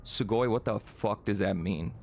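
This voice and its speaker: A man's voice: lowish voice, moderate pace, darkish tone, a little hiss or hum. A young man chatting casually on a live stream, reading chat, rambling, laughing often and swearing freely.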